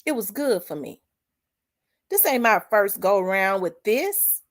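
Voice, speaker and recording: A woman's voice: mid-range voice, big pitch swings, slow. A woman hosting her own channel, talking in an emotional, preaching style. She repeats her lines for emphasis, quotes scripture and uses casual, colloquial speech. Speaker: channel host.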